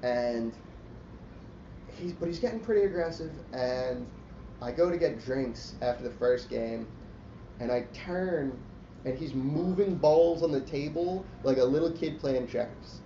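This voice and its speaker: A man's voice: mid-range voice, unhurried, dark tone. A man telling a long, profane story in casual chat, rambling and self-mocking and full of "like". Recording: roomy, dull lo-fi sound with faint hiss.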